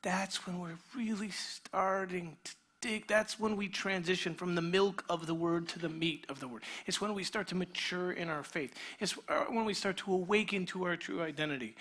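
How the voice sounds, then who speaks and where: A man, a pastor, preaching a sermon in a conversational way, sometimes dropping to a near whisper and sometimes building to an animated retelling. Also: high-pitched, normal speed, husky. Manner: shifts between quiet intimate passages and energetic animated retelling; conversational, with restarts and filler words.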